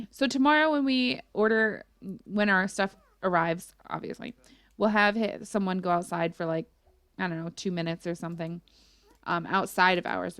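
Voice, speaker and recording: A woman's voice: medium pitch, a bit bright, no echo. Chatty woman narrating a game. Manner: chatty, rambling with many fillers. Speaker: gaming YouTuber. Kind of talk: casual gameplay commentary.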